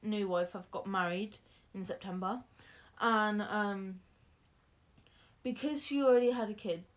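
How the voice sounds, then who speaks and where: A woman's voice: mid-range voice, unhurried. A young woman, chatting casually through a Q&A, rambling with lots of fillers and restarts. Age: young adult. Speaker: vlogger. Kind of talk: casual Q&A chat.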